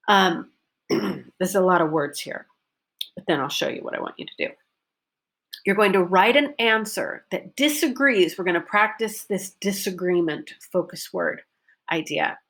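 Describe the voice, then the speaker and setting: A woman teaching a pronunciation lesson, modelling sentences and stressing focus words deliberately. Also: lowish voice, fairly bright tone. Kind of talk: recorded online lesson.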